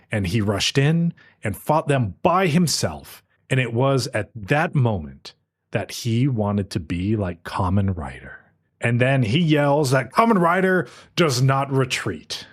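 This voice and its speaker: A man recapping a show on a podcast, his pitch swinging up and down as he tells the story. He talks casually and swears now and then, jumping between narration and quick quoted lines. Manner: casual and profane. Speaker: podcast host.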